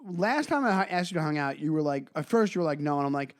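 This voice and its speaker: Forty-something guy on a podcast, high voice that jumps all over, rambly and self-mocking. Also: expressive, fast. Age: 40s. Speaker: podcast co-host. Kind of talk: casual chat.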